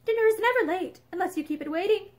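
A woman's voice: very high-pitched, very animated, normal speed, voice pushed up. Woman reading as a flustered young wife. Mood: sharp.

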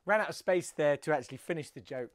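A man's voice: on the high side, fast talker. A man hosting a solo live comedy webcast, talking in a wry, rambling way with many fillers and restarts. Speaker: host.

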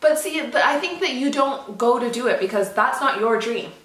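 A woman's voice: on the high side, animated, normal speed, fairly bright tone. A woman, chatting casually as a vlog co-host in a frank, teasing way. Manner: frank, teasing, talks things through. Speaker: vlogger co-host. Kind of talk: casual chat. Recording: roomy sound, mic at a distance.

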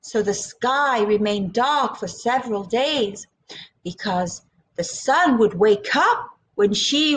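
A woman's voice: mid-range voice, lively intonation, takes it slowly, a little hiss or hum, low-quality recording. A woman reading a children's picture book aloud, acting out sound effects and chatting to young listeners. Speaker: children's storyteller.

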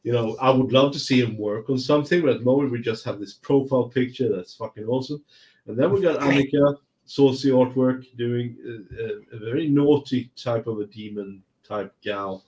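A man hosting a casual hobby stream, with a husky voice and a cold, swearing freely and often restarting his words. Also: mid-range voice, normal speed, darkish tone, poor audio. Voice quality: husky whiskey voice. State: sniffly, with a cold. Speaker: stream host.

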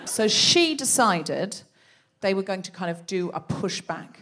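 A woman's voice: medium pitch, lively intonation, a little slow, a bit bright. A woman hosting a live comedy podcast, telling a story in a chatty way and laughing often.

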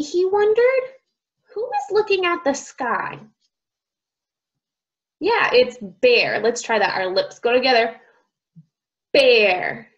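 A young woman, a speech therapist, reading a picture book to children, slowly modeling sounds and praising each try. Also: a little high, highs cut off. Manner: slow, drawn-out modeling of sounds, encouraging praise.

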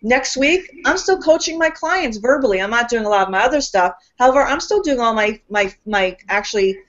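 A woman's voice: on the high side, expressive, fairly quick, a bit bright, lo-fi sound. A woman hosting a talk show, speaking in a casual, emphatic way with long, loose, philosophical runs. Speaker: host.

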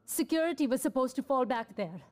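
A shaken crewwoman on a space station in a video game, her voice high-set but mellow and soft-edged. She speaks in halting, rattled bursts, with a wry streak of loyalty. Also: expressive. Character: shaken young woman crew member on a space station.

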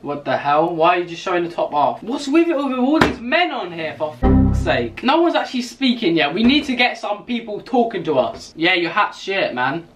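A man's voice: sits high, big pitch swings, moderate pace, hardly any pauses, over music. A young man from England with a London accent, hosting a casual video chat and teasing strangers with mock insults while laughing often. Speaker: YouTuber host.

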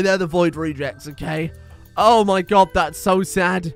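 A young man giving joking, animated commentary on a strategy game he plays, swearing freely. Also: sits high, measured pace, creaky, dry recording, soft background music. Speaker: gaming YouTuber. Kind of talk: comedic let's-play commentary.

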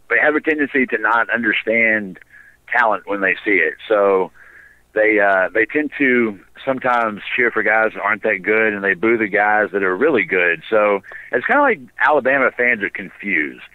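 A man's voice: lowish voice, moderate pace, dry recording. Man on a tinny phone line. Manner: relaxed storyteller, dry sarcastic asides. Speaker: wrestler guest. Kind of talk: casual storytelling interview.

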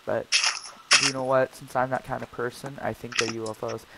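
A man's voice: mid-range voice, little pitch movement, normal speed, heavy background noise. A man casually joking and teasing his friend while commentating a game he is playing. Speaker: co-host of a game series. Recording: music playing under the voice. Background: background music.

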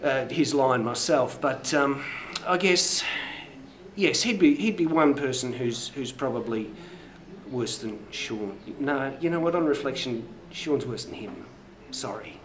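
A middle-aged man with an Australian accent, a voiceover artist telling a rambling story in a deadpan manner during an interview. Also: mid-range voice, a little slow, a little hiss or hum. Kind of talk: mockumentary interview anecdote.

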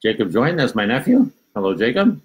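A man co-hosting a live language lesson, reading viewer comments and repeating phrases as a learner, relaxed and casual. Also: medium pitch, fairly quick, husky, rough recording. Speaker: co-host reading chat comments.

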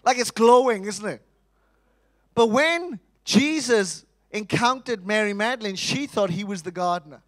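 A man preaching an Easter sermon in a lively, humorous way, calling out to the congregation for responses. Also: high voice, measured pace, no room sound, low-quality recording. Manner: lively, humorous, acts out quoted voices.

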